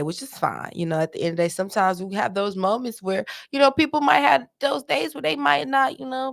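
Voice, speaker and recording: A woman hosting a casual talk show, telling news stories in a joking, exclamatory way. Her voice has a gravelly, fry-tinged edge, and her pitch sits in a middle range. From North Carolina. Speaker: show host.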